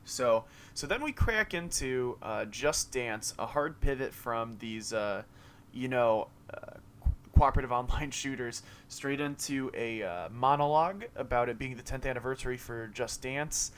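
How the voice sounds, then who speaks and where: A man's voice: mid-range voice, measured pace, a bit bright, slight background noise. Rambling man recapping a game showcase. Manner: rambling, loose, lots of fillers and self-corrections. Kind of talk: casual commentary monologue.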